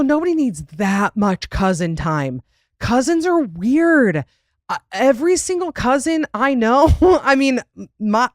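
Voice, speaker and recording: A young adult woman hosts a podcast in casual chat, with a fairly low voice recorded at studio quality with no room sound. She's chatty and rambling, laughing and saying "like" often among plenty of other fillers.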